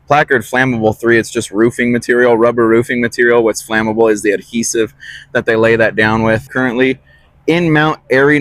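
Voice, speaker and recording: Bright-voiced easygoing trucker vlogging outdoors. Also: male voice, medium pitch, no echo. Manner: rambling, easygoing, self-correcting. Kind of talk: casual vlog talk.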